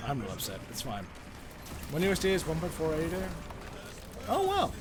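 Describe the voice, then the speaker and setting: A young Australian man chats with his live-stream viewers while gaming, animated and joking and swearing freely as he talks to chat. His voice is on the high side at a moderate pace, with background noise in the recording.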